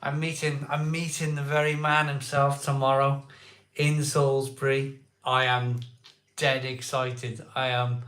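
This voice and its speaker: Excitable man, bright and slow. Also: medium pitch, reverberant. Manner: excitable, repeats himself, laughs often. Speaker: live-stream beer show host. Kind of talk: casual live chat reading viewer comments.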